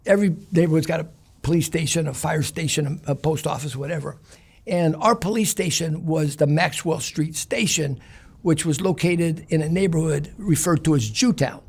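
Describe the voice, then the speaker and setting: Guy, gravelly and a bit husky, rambling street stories in an interview. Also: fairly high pitch, darkish tone. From Chicago. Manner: rambling, streetwise storytelling with fillers. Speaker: interview guest. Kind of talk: casual storytelling interview.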